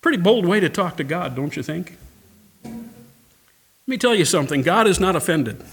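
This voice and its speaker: A man's voice: high voice, animated, normal speed, creaky, a bit bright, a little hiss or hum. A man preaching a sermon, reading scripture aloud and addressing the congregation directly, rising to impassioned cries. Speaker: pastor.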